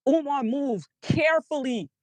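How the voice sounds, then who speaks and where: A woman's voice: high-pitched, expressive, measured pace, a little mellow, dry recording. A woman calling in to a show, arguing in a defensive, emotional way and repeating herself. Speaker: caller. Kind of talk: heated call-in argument.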